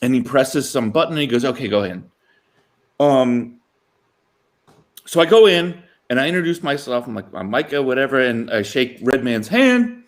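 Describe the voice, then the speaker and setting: A man's voice: mid-range voice, normal speed. A man co-hosting a sports talk show, telling a long casual anecdote and chuckling as he goes. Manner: animated anecdote-telling, chuckling mid-sentence. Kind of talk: casual storytelling chat.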